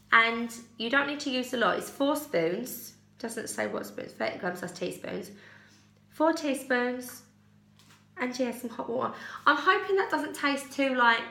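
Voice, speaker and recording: A woman's voice: on the high side, sharp tone. Chatty woman in an echoey room. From United Kingdom. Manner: chatty, rambling, self-correcting with giggles. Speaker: haul vlogger. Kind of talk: casual chat.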